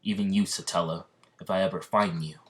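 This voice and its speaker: A man voicing a hot-headed young male knight who talks in a halting, stumbling way. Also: deep voice, fairly even intonation, close to an everyday voice. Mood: determined.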